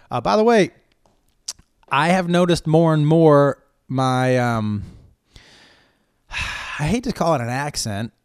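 Man, middle-aged, from Massachusetts, comedy podcast host, long drawn-out vowels, crisp resonant voice. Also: mid-range voice, a little mellow, no echo, clean studio sound. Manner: rambling, profane, repeats phrases for emphasis; holds on to vowels. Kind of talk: casual podcast chat, reading listener questions.

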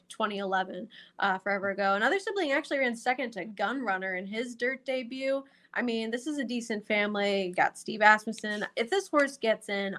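Female guest analyst, mid pitch, chatty and detailed. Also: bright, forceful tone. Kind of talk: casual handicapping podcast chat.

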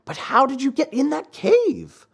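A frightened little wooden puppet boy , as a man reads him aloud, pitched far up and pleading. His voice trembles, climbing and dipping with fright through a storybook reading. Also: huge pitch swings, a little slow, gravelly, full character voice. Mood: eager. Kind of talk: audiobook character voice.

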